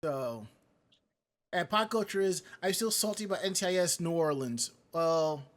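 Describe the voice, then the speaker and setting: A man's voice: a little high, animated, moderate pace. A man co-hosting a live podcast, chatting casually, wandering off on tangents and reading viewer comments aloud into a home studio mic. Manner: rambling, digressive, reads chat comments aloud. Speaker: podcast co-host. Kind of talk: casual live-stream chat.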